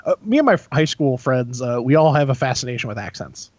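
A man's voice: medium pitch, big pitch swings, fast, a little mellow, no echo, highs cut off. A man chatting casually on a podcast, rambling with lots of filler words and frequent laughs. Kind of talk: casual chat.

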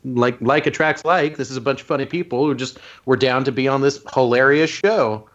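A man in casual podcast chat, animated and joking. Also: mid-range voice, a little fast, highs cut off.

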